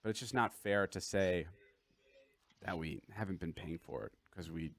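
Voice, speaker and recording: A man on a podcast, speaking defensively with frequent halting restarts. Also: sits low, no echo. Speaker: podcast host. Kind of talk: casual podcast talk.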